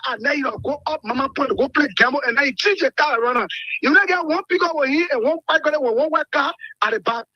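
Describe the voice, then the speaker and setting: A man's voice: extremely high pitch, bright, forceful tone, dry recording. A man calling in to a radio show, talking in a rambling, insistent way. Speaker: caller. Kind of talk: call-in commentary. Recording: dull phone line.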